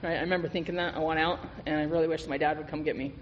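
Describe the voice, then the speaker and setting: A man's voice: on the high side, level tone, racing, muffled recording. A man giving a candid, profane recovery testimony as a guest speaker at a meeting, telling his story with laughs. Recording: reverberant hall with faint noise.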